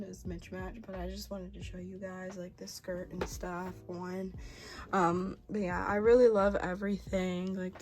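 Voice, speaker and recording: A woman's voice: medium pitch, a little mellow. A young woman chatting casually in an unboxing vlog, gushing and gasping, full of fillers, sometimes dropping to a whisper. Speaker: vlogger.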